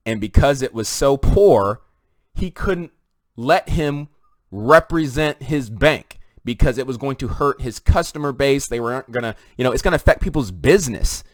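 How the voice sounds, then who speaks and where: Speaking straight to the camera, a commentary video host delivers an opinion monologue with emphatic, preachy force, repeatedly turning to address his viewers. His voice is medium-pitched, and the recording is dry and close, with no room sound.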